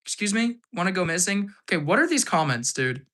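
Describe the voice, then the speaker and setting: Man, live stream host, casual Q&A, hyper, laughs a lot, slightly hoarse, bright voice. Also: high-pitched, big pitch swings, a little fast.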